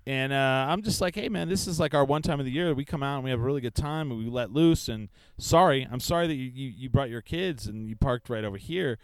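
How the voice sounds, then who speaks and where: A man interviewing casually at an outdoor festival campground, telling stories in a rambling, quick way full of fillers. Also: mid-range voice, clean tone, no room sound, rough recording.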